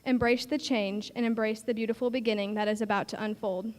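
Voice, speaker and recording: A woman's voice: fairly high pitch, fairly even intonation, fairly quick. Young woman reading a speech in a gym. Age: young adult. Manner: earnest, read from a prepared speech. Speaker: graduating student speaker. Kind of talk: graduation speech. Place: school gym. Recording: long echo of a large gym.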